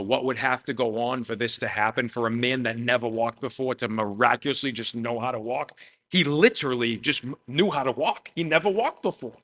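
Guy preaching, bright voice, gets loud then real quiet, keeps saying man. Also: mid-range voice. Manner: animated storytelling, repeated "man", swings from soft to loud. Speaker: pastor. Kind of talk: sermon.

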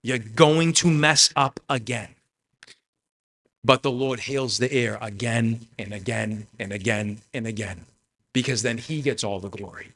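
A man's voice: mid-range voice, measured pace. Emphatic preaching man. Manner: emphatic preaching with sudden loud and soft swings; addresses the congregation directly. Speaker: pastor. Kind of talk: sermon.

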